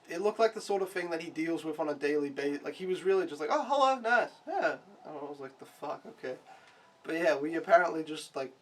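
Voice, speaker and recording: A young man vlogging a casual weekly recap, rambling and swearing freely, with lots of "like" and "I don't know". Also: on the high side.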